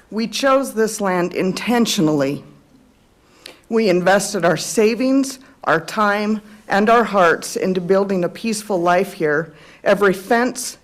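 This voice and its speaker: A woman reading a prepared statement as a resident at a public meeting, emotional but steady. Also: medium pitch. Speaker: resident giving public comment.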